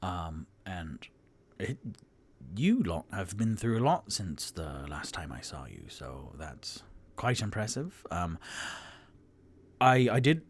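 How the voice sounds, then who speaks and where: A man voicing a courteous young nobleman who speaks softly and politely, with halting restarts. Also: deep voice, very animated, husky, voice pushed down, exaggerated voice. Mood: congratulatory.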